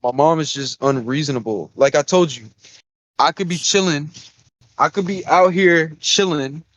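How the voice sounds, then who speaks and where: A man's voice: on the high side, moderate pace, fairly bright tone. A young man co-hosting a casual podcast, telling a rambling, profane story. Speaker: podcast co-host.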